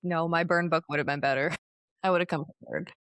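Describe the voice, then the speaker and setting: A woman's voice: low voice, normal speed, clear, resonant tone, no echo, clean studio sound. A woman co-hosting a podcast in casual chat, swearing, laughing often and acting out quotes. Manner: animated, profane, laughs often, acts out quotes. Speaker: podcast co-host.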